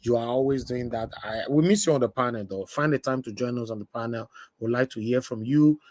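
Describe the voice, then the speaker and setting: A man's voice: medium pitch, brisk, no echo. A man with a Nigerian accent hosting an online panel talk, chatty and repeating phrases for emphasis, now and then slipping into pidgin. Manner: animated, repeats himself for emphasis, slips into pidgin. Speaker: host of an online panel show. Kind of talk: casual live-stream talk.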